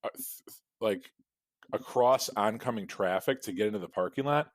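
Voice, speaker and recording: A man with a lowish voice that swings all over as he tells a sprawling, swear-laden story. His casual podcast chat is full of laughs and restarts, and the sound is dry and close with no room around it. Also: animated, normal speed, no echo. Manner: rambling, profane storytelling with frequent laughs. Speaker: podcast co-host.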